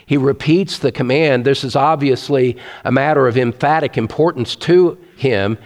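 A man's voice: medium pitch, moderate pace, long reverb tail. A man preaching a sermon, earnest and emphatic, repeating his key points.

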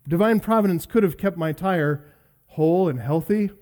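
A man's voice: high voice, normal speed, darkish tone. A middle-aged man preaching, asking earnest questions and telling personal stories with self-deprecating humor. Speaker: pastor. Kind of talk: sermon.

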